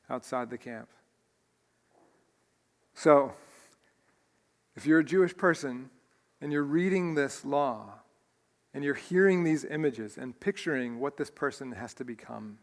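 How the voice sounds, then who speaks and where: A man's voice: mid-range voice, long reverb tail. A man preaching a sermon as pastor, earnest and emotional, often restarting his phrases. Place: church sanctuary.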